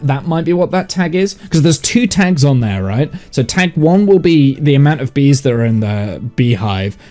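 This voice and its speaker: Mellow-voiced Englishman with soft RP accent. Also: medium pitch. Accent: English, received pronunciation mixed with Midlands/northern. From Midlands of England. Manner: rambling and thinking aloud, many fillers and restarts. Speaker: live streamer reading chat. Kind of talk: casual chat while gaming.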